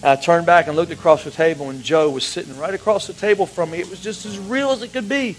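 A man preaching a sermon, telling a personal story with emotion, his voice dropping to a hush and rising again. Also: on the high side, fast talker, few pauses, faint music behind, poor audio. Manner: emotional storytelling, swings from hushed to raised.

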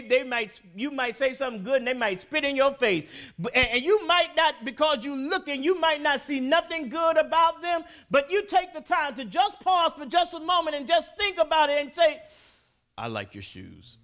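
A man preaching a sermon as pastor in a church, building to loud, shouted peaks. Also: very high voice. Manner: preaching with rising, shouted peaks and call-and-response. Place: church sanctuary.

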